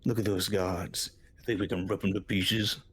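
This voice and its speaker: A man voicing a bloodthirsty male warrior companion who speaks slowly, relishing the thought of a fight, in a tabletop game. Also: deep voice, flat delivery, slightly rough. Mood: gleeful.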